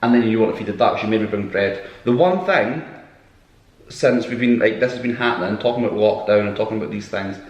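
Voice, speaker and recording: A man's voice: fairly low pitch, brisk, lo-fi sound. Chatty man in a roomy echo. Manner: chatty, teasing, lots of restarts. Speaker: podcast co-host. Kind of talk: casual chat. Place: room at home.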